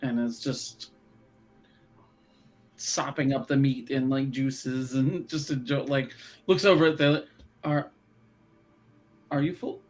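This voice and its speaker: A man playing a tabletop game, describing his character's actions in an amused, animated way. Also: mid-range voice, slow, long pauses, faint music behind, poor audio. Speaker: player.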